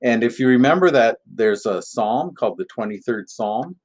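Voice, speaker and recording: A man, a pastor, giving a gentle, playful family sermon in an object-lesson style, with many pauses as he tells a story. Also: medium pitch, animated.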